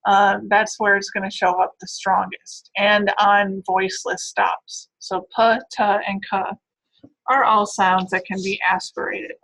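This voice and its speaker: Bright-voiced woman lecturing on phonetics. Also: medium pitch, little pitch movement, measured pace, gravelly, hardly any pauses, poor audio. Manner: explanatory, with frequent "right?" and "all right". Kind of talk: recorded classroom lecture.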